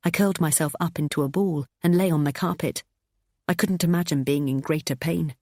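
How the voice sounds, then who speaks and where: Woman narrator, expressive and tense, dry close-mic read. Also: deep voice, fairly quick, no echo. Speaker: audiobook narrator. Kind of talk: first-person thriller narration.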